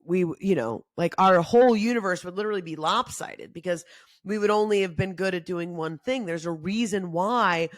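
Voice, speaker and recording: A young adult woman hosting a casual self-help talk, chatty and animated, acting out quotes with big jumps in her voice. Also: on the low side, normal speed, dry recording, clean studio sound. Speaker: podcast host.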